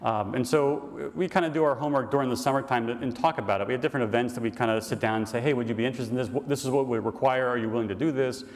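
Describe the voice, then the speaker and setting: A man's voice: mid-range voice, rapid-fire, few pauses. A middle-aged man, an Orthodox priest, giving a conference talk and answering questions, telling stories in a folksy way with fillers. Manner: folksy storyteller, many fillers. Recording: reverberant hall.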